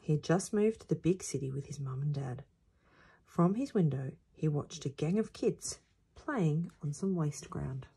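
A woman reads a children's picture book aloud in an unhurried, expressive way. Her voice sits low and slightly husky, and it swings widely up and down as she tells the tale. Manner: expressive, sing-song storytelling. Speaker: teacher reading to children.

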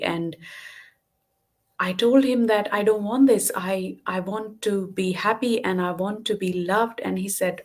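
Speaking unhurriedly in a mid-range voice, a guest in her thirties from Western Australia shares an earnest personal story during a live online talk. The audio has a video call quality, and her candid speech is full of fillers.

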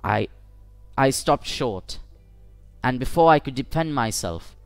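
A man narrating a first-person short story for English learners in a measured, deliberate way. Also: medium pitch, expressive, smooth, no echo, faint music behind. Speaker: audiobook narrator.

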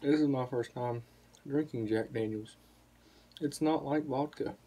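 Husky young man rambling. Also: medium pitch, unhurried, mellow. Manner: rambling, profane, chuckling storyteller. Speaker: vlogger. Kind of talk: casual storytelling to camera.

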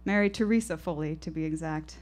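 A woman's voice: sits low, a little fast, darkish tone, faint music behind. A woman in her twenties telling a first-person story on stage, vivid and reflective. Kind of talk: live storytelling performance. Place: stage at a live show.

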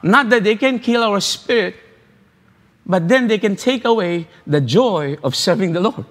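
A man with a high-pitched voice preaches a sermon, driving home his points with repeated phrases and rhetorical questions. He often stumbles and restarts before going on. His voice carries a long reverb, as in a church sanctuary. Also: animated, measured pace. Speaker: pastor.

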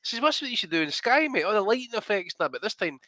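A man's voice: high-pitched, very animated, very fast, bright, forceful tone, no room sound. A man co-hosting a podcast, ranting in a rambling, sweary, mocking way. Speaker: podcast co-host. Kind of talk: casual podcast rant.

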